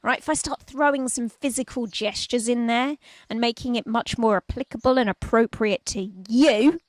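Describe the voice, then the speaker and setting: A woman's voice: a little high, normal speed, dry recording. A woman giving parenting advice in a conversational, emphatic way, holding a microphone outdoors. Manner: emphatic, conversational, demonstrates tones with her voice. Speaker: parenting coach. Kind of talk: informal talk to camera. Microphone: handheld microphone.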